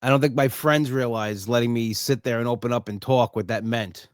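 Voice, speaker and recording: A man's voice: mid-range voice, fairly even intonation, fairly quick, dry recording, clean studio sound. A middle-aged man hosting his own podcast, talking earnestly and from the heart, often restarting and saying "you know". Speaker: podcast host. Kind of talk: solo podcast monologue.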